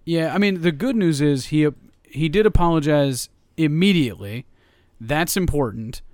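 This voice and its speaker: A man co-hosting a sports podcast, chatting casually with a joking, profane, animated way of talking. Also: on the high side, moderate pace, dry recording, studio quality.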